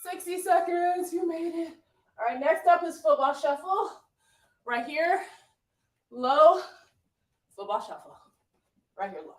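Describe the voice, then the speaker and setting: A woman fitness instructor coaching a live workout, upbeat and out of breath, cheering and counting down. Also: high-pitched. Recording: echoey room from far off.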